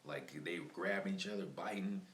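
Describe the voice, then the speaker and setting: Man, very low voice, casual rambling storytelling, roomy echo, faint background hiss. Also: fairly quick, a bit bright. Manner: rambling, repeats himself, lots of "like" and "man". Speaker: live streamer. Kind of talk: casual storytelling to stream viewers. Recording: echoey room with faint ambient noise.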